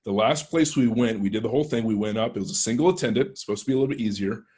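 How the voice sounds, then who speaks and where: A man tells a story in a relaxed, conversational way, with lots of restarts. His voice sits low and has a husky, slightly breathy edge. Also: very fast. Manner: conversational, with many restarts and acted-out quotes. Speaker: penetration tester. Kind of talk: casual storytelling talk.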